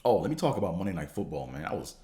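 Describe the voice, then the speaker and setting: A man hosting a podcast, talking in a casual, slangy, profane monologue that rambles and jumps higher when he gets fired up. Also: big pitch swings, rapid-fire, mellow. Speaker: podcast host.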